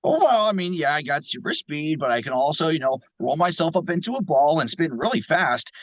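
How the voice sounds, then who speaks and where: A man's voice: a little high, animated, fairly quick, a bit bright, no echo, pitched above the performer's own voice. A man voicing a cocky young male hedgehog speedster hero, talking in a breezy, boastful way over a dull phone-app mic.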